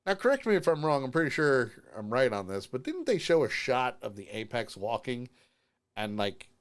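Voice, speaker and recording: Male podcast co-host, tired but animated, wide-ranging pitch, acts out quotes mid-recap. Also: moderate pace, smooth. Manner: animated storyteller, acts out quotes and laughs often. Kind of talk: casual chat recapping a show. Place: streaming from home.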